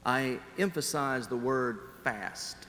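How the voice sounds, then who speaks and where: A man preaching a sermon as pastor, telling a personal story in an earnest way and shifting between slow emphasis and quick asides. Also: medium pitch, bright, forceful tone, big-room sound, a little hiss or hum.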